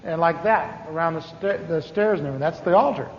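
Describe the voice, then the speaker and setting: A man quoting his earnest churchgoing friend in a calm, sincere voice during a sermon. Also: a little high, fast, a little hiss or hum, voice pushed down, close to an everyday voice. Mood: calm, patient. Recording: echoey hall, dull lo-fi tape.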